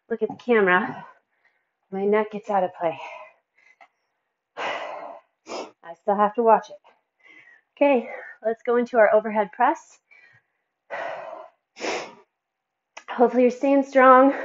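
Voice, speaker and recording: A woman's voice: a little high, dull audio. A woman fitness instructor coaching a workout, counting reps and encouraging, sighing and a bit out of breath between exercises.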